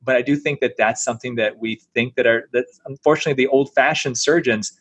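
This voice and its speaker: A middle-aged man, a plastic surgeon interviewed as a guest, telling a story in an earnest, animated way. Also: medium pitch, fast, no room sound.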